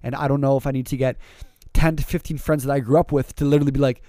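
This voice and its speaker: A man talking on his own podcast as a public speaking coach, energetic and emphatic, with many fillers and repeated words. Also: medium pitch, racing, dry recording, studio quality. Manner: energetic, emphatic, rising to excited peaks. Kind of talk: podcast monologue.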